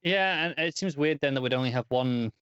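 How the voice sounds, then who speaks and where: A man co-hosting a comics podcast in an easygoing, conversational way, sometimes restarting his sentences. His voice is mid-pitched. The sound is a little dull and dry. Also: fairly quick, a bit bright, smooth, dry recording. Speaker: podcast co-host. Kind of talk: casual comic review chat.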